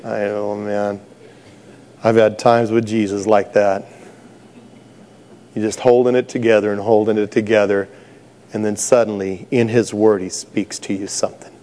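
Mellow-voiced man preaching a sermon. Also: on the low side, normal speed, pauses often. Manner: animated storytelling, laughing at own jokes. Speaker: pastor.

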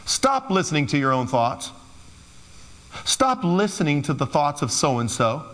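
A man's voice: fairly high pitch, big pitch swings, measured pace, a bit bright. Preaching man in a reverberant hall. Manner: conversational preaching with playful acted asides. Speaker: pastor. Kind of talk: sermon.

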